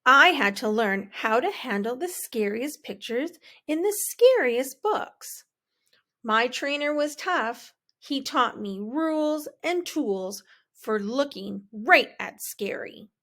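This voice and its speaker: A woman reading a children's picture book aloud in a slow, expressive, dramatic way. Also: on the high side. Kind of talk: storybook read-aloud.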